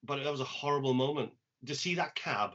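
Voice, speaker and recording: A man tells an anecdote on a poetry podcast, casual and animated, acting out each quoted line. His voice sits at a middle pitch. The recording is dull and lo-fi. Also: fairly quick. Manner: animated anecdote-teller, acts out quoted lines. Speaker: poet and podcast co-host. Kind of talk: casual storytelling chat.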